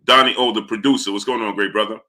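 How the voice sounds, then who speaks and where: A man's voice: on the low side, fairly even intonation, quick pace, bright, forceful tone. A man hosting a casual live stream, talking through his point while he greets viewers by name from the chat.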